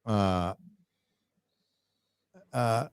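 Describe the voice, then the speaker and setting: A man's voice: on the low side, very slow, smooth, no room sound, clean studio sound. A man hosting a casual show, reading out donations in a blunt, profane, laid-back way. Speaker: podcast host.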